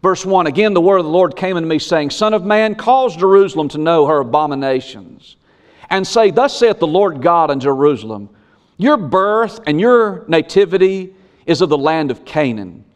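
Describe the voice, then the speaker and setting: Male pastor, slightly high voice, emphatic sermon delivery with swelling questions. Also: expressive. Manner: preaching with rising emphatic questions and slow scripture reading.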